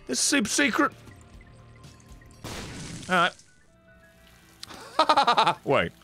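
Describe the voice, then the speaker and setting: A man's voice: sits high, very slow, vocal fry. A man commentating casually on a video game, joking and swearing a lot. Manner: swears a lot, jokey and excitable. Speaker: streamer. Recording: game music behind.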